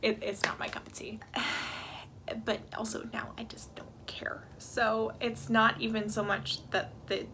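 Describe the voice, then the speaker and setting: A woman talking casually to camera in a book-chat vlog. She rants in an animated way, cuts herself off often and drops into whispered asides. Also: on the high side, unhurried. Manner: animated, self-interrupting, trails off into whispered asides. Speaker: book vlogger.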